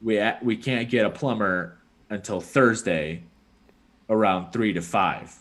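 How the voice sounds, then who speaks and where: A young man with a lowish voice chats casually on a podcast. He rambles through a story, stacking fillers like "like" and "dude" as he goes. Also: a little slow, a bit bright. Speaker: podcast host. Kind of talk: casual chat.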